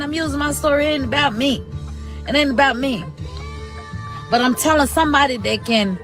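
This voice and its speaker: A woman speaking through grief in a pleading, preaching way, urging listeners to show mercy and citing scripture. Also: on the high side. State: grieving. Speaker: grieving sister in a live video. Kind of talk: emotional testimony.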